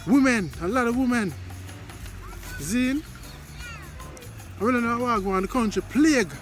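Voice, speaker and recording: High-voiced Jamaican man vlogging. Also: expressive, moderate pace, soft background music. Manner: rambling, repetitive greetings to viewers. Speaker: vlogger commenting on news. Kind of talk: casual spoken commentary.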